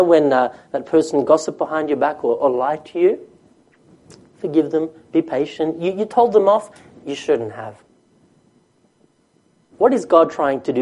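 A man's voice: high-pitched, mellow, slightly rough. A man preaching a sermon as a pastor, talking conversationally and asking the congregation questions.

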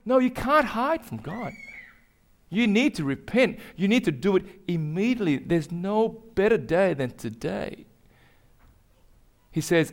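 A man delivers a sermon from the pulpit in a notably high voice. He preaches earnestly, repeating his points and pressing them harder as he goes. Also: lively intonation, unhurried. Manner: earnest, repetitive, building in intensity. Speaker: pastor.

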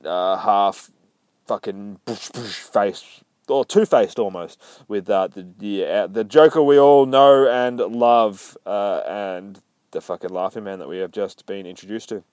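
A man's voice: fairly low pitch, measured pace, darkish tone, smooth, no echo. Rambling, foul-mouthed young man. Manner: rambling and heavily profane. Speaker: comic book reviewer. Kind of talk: casual comic recap.

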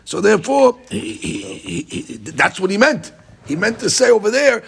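A man teaching a Talmud study class, explaining the text in an animated way and acting out both sides of the argument in quotes. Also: high-pitched, moderate pace, gravelly, husky.

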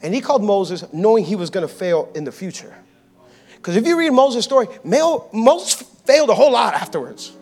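A male pastor delivering an energetic, playful sermon, calling out to the congregation. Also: sits high, brisk. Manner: energetic, playful preaching with audience call-outs.

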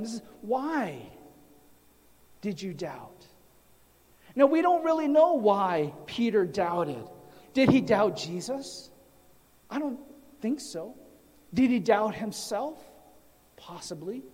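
A man, a pastor, teaching a sermon in a deliberate way, his voice trailing off quietly at the ends of phrases, in a church sanctuary. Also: high voice. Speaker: pastor teaching a Bible study. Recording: long reverb of a large hall.

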